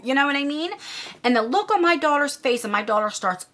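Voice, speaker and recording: A woman's voice: high-pitched, lively intonation, fairly quick, fairly bright tone. A woman in her forties telling a storytime vlog, rambling and indignant as she retells events. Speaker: YouTuber.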